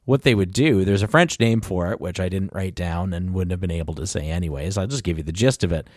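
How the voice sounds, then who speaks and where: A man's voice: sits low, fast, dry recording, studio quality. A man hosting a casual podcast chat, rambling through history and often chuckling as he corrects himself. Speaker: podcast host.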